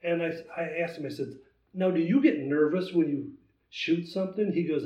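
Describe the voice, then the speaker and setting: A man in his sixties, a guest telling stories in a casual chat at home, halting and rambling with many restarts. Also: on the high side, roomy sound, distant mic, lo-fi sound. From United States. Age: 60s. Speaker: interview guest. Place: home den.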